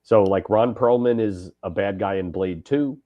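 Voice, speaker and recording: A man's voice: lowish voice, normal speed, dull audio. A man co-hosting a podcast, chatting casually and enthusiastically, often hesitating and restarting his sentences. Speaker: podcast co-host. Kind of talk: casual chat.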